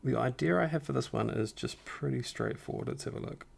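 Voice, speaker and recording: A man hosting a live stream with a rough morning voice, casually talking viewers through a Photoshop edit step by step. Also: medium pitch, brisk, a little mellow. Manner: talks the viewers through each step, upbeat and encouraging. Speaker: stream host doing a Photoshop tutorial.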